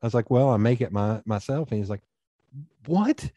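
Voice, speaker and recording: Mellow man telling stories. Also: lowish voice, steady tone, quick pace, dry recording. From East Tennessee, USA. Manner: rambling, anecdotal, acts out quoted dialogue. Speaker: podcast guest. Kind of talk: casual storytelling conversation.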